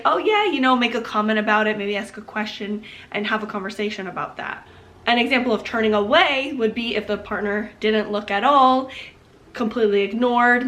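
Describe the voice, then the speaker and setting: Hoarse woman giving relationship advice. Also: mid-range voice, a bit bright. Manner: explanatory, chatty with fillers. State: hoarse from a chest cold. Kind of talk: casual advice talk to camera.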